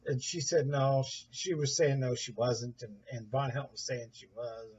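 A man casually telling a rambling story, animated, quoting others in a raised voice, with a husky voice. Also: medium pitch, normal speed, muffled recording. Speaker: guest recounting events.

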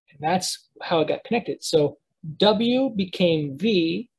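Unhurried, breathy-voiced online tutor, halting and explanatory. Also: medium pitch, animated, a little mellow. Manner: explanatory, halting, with frequent restarts and checks. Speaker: language teacher. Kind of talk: live online lesson with screen sharing.

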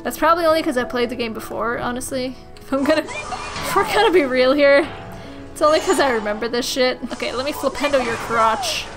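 Animated and fairly quick, this young woman's voice sits high as she hosts a let's-play while tipsy. Her commentary is brash and foul-mouthed, with game music in the background.

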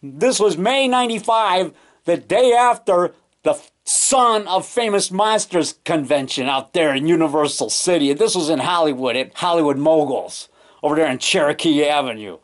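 A man with a somewhat high voice rambling through a show-and-tell of his collection. He corrects himself often and chuckles along the way. It is captured on a camcorder's built-in mic down in a home basement. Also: expressive, normal speed. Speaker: filmmaker and vlogger. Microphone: handheld camcorder mic.

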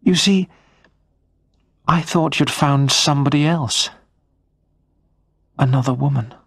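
Brief: a man putting on a young wife's voice, pitched well up, gentle and pleading, storybook reading. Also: takes it slowly, gravelly, husky, no room sound, clean studio sound, full character voice. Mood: earnest. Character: loving young wife, worried then relieved.

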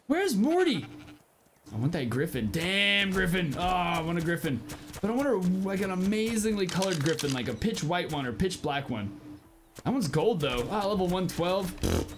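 A young man giving casual, excitable gameplay commentary, swearing often and yelling at his creatures during fights. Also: high voice, moderate pace, background noise. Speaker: gameplay streamer.

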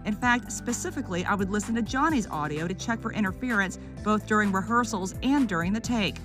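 A woman narrating an entertainment news report in a crisp, even newsreader delivery. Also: medium pitch, brisk. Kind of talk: scripted news voice-over. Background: music bed.

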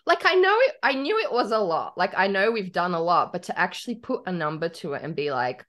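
A woman's voice: on the low side, very animated, brisk, fairly bright tone. A young Australian woman co-hosting a podcast in casual chat, giggly and effusive. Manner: giggly and effusive, talks over her co-host. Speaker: podcast co-host.

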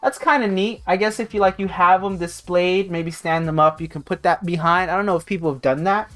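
A woman's voice: fairly low pitch, fairly quick, a bit bright. A woman hosting a hobby channel, talking through an unboxing in a casual, rambling way with lots of fillers. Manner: rambling, chatty, many fillers.

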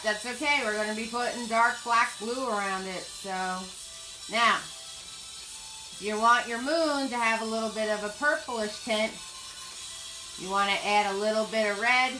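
A woman's voice: medium pitch, low-quality recording. A woman leading a live online painting class, chatty and playful, repeating her cue words in a sing-song way. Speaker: paint party instructor.

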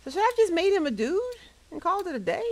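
A woman's voice: extremely high pitch, sing-song, racing, a little mellow, low-quality recording. A woman streamer giving casual gameplay commentary, laughing often and chatting directly with her viewers. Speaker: gaming streamer. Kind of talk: casual gaming commentary to chat.

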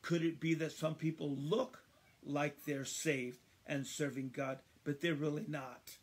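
A man leading a livestreamed Bible study, reading verses slowly and emphatically, repeating phrases and chatting to viewers. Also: fairly high pitch, flat delivery. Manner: addresses viewers by name, conversational asides.

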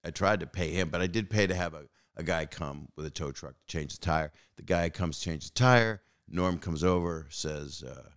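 A man's voice: low voice, normal speed, hardly any pauses. A man in his sixties hosting a podcast, rambling through casual stories with fillers and restarts, acting out other people's lines. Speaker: podcast host. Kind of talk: casual storytelling.

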